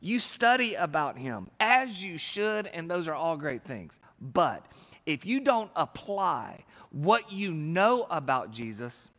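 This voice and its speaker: A high-voiced pastor delivers an animated, conversational sermon in a big-sounding room. He acts out little voices, and his volume swings widely as he does.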